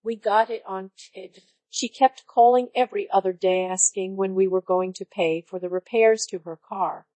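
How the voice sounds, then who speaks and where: A woman's text-to-speech voice reading online stories aloud in an even, synthetic-sounding delivery. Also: medium pitch, moderate pace, hardly any pauses, no echo, low-quality recording. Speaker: story narrator.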